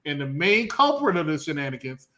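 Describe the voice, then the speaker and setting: A man's voice: a little high, sing-song, fairly quick, bright, forceful tone. Playful, teasing male podcast host. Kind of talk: casual podcast chat.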